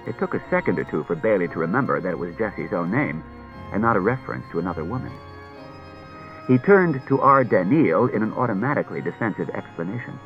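A man narrating an audiobook in a steady storytelling manner, on a dull lo-fi recording. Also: fairly low pitch, brisk, soft background music. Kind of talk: audiobook reading.

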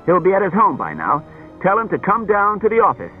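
A man's voice: high-pitched, huge pitch swings, faint music behind, voice pushed up. Man doing a hard-nosed, needling police detective. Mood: commanding. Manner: brisk, needling, commanding. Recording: tinny old radio broadcast.

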